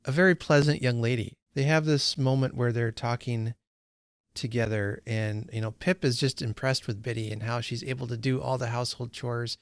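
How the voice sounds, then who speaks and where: Man, casual book commentary, conversational, mid-pitched voice, dry close sound. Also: steady tone, normal speed, smooth, no room sound. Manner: conversational, frequent fillers and restarts. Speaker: book channel host. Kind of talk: casual read-along commentary.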